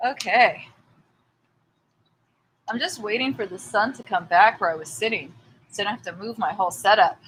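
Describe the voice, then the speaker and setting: A woman's voice: mid-range voice, normal speed, pauses often, fairly bright tone, a little hiss or hum, poor audio. A young woman livestreaming casually outdoors in front of her house, rambling, thanking viewers by name and reading aloud from a book. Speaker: livestream host. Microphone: laptop or webcam mic.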